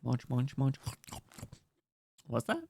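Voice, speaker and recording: A man's voice: medium pitch, wildly swooping pitch, takes it slowly, creaky, warm tone, slightly rough, full character voice. A man voicing a put-upon male courier who mutters complaints, reading a game story aloud. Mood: annoyed. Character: grumbling overworked male courier.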